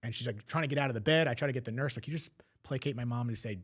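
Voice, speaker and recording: A man's voice: mid-range voice, a bit bright. A man telling a personal story on a podcast, emotional, slipping into quoted voices. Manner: fast, emotional retelling with acted quotes. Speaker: podcast guest.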